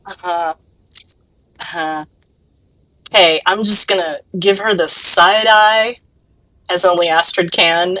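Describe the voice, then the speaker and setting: A woman's voice: lowish voice, steady tone, slow, long pauses, bright, forceful tone, dry recording, rough recording. A woman playing a tabletop role-playing game in casual chat, flustered and giggly, often trailing off into hums. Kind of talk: casual tabletop role-play, partly in character.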